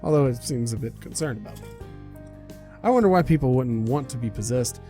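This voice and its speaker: A man's voice: mid-range voice, expressive, a little fast, warm tone, faint music behind. A young man casually reading a visual novel aloud, stumbling and correcting himself as he goes. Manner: casual, stumbles over words, laughs and self-corrects. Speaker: game streamer reading aloud.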